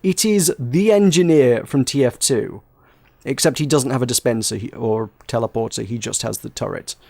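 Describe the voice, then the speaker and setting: A man's voice: normal speed, creaky, dry recording. Laughing man telling game stories. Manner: animated storytelling, breaks into laughter, high-pitched playful quotes. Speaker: podcast co-host. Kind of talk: casual chat.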